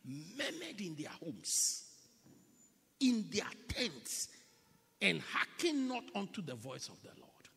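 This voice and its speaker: Male pastor, bright and lively delivery, dramatic swings to whispers, echoey church hall. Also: sits high, takes it slowly, gravelly, husky. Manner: repeats and drags out words for effect. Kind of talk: sermon.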